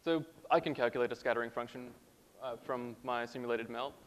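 A man presenting a scientific talk at a conference, halting at times with fillers and restarts. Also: medium pitch, fairly even intonation. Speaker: conference speaker. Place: lecture hall. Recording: hall reverb, faint hiss.

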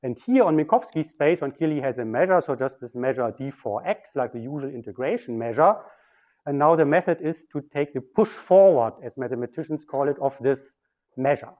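A man's voice: mid-range voice, expressive, brisk, darkish tone. A man giving a mathematical physics lecture, explaining step by step at a board.

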